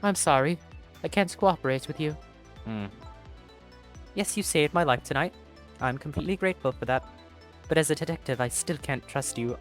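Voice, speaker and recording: Lively streamer voicing a game's dialogue. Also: medium pitch, normal speed, long pauses, soft background music. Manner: reads characters' lines, then jokes and swears in between. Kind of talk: playing a game and voicing its dialogue aloud.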